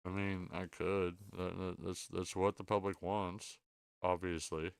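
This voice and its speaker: A man's voice: deep voice, level tone, unhurried, creaky, clear, resonant tone, no echo, clean studio sound. A tired man hosting a casual late-night podcast chat, rambling, swearing and stammering as he apologizes. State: exhausted, sleepy. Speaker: podcast host.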